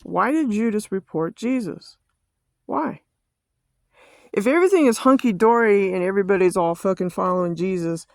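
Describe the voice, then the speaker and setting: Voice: medium pitch, creaky, no room sound. Vlogger, mid-range voice, dead-dry recording; profane conspiracy rant full of stumbles and "have you ever thought of that". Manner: ranting, repetitive rhetorical questions, heavy swearing; halting restarts and stumbles.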